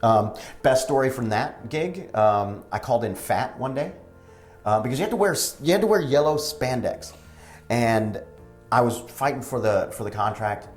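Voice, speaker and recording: A man's voice: mid-range voice, expressive, normal speed, reverberant, faint music behind. A man in his forties, a comedian and actor, telling stories in a casual, wisecracking way in an interview. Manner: wisecracking, acts out quoted people.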